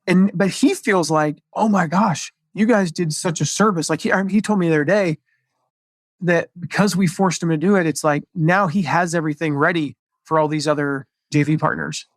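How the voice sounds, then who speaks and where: A chatty man with a slightly raised pitch, talking casually about business in an upbeat, rambling way. The sound is close and dry, with no room around it. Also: steady tone, a little fast, dry recording. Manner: upbeat, chatty, lots of fillers. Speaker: podcast host, marketing coach.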